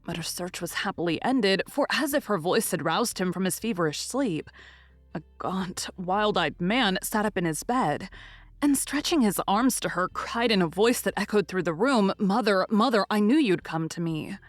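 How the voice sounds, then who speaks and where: A woman narrating a classic novel in a measured, expressive storytelling manner. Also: mid-range voice, no room sound. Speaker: audiobook narrator. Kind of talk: scripted narration.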